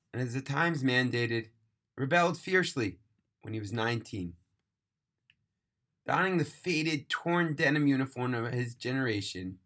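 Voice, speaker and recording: A man narrating a moving story aloud, earnest and emphatic, slowing down on key phrases. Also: a little high, bright, forceful tone. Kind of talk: dramatic storytelling read-aloud.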